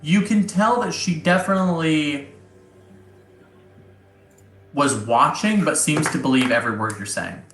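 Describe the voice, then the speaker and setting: A man's voice: on the high side, animated, measured pace, long pauses, fairly bright tone, roomy sound, soft background music, low-quality recording. A man running a tabletop game as game master, explaining rolls in an easygoing way with fillers.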